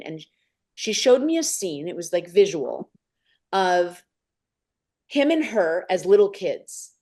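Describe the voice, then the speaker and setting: Animated woman telling a story. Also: lowish voice, measured pace. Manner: animated, acts out quoted voices. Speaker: guest. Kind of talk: storytelling in a podcast interview.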